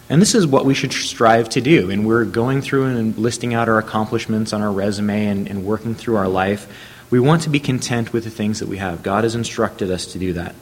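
Man preaching a measured sermon, lowish voice. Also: a little hiss or hum. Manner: measured storytelling, quoting scripture.

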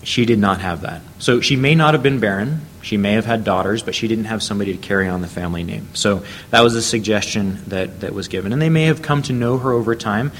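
A man delivers a sermon in a somewhat low voice, retelling a Bible story at an even, measured pace. He reads scripture passages aloud between his own remarks. A faint low rumble sits behind him. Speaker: preacher.

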